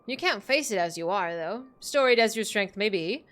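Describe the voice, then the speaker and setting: A woman voicing a sly, menacing older woman who leads a gang, reading game dialogue aloud with silky, drawn-out threats over faint game music. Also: mid-range voice, expressive, a bit bright, close to an everyday voice.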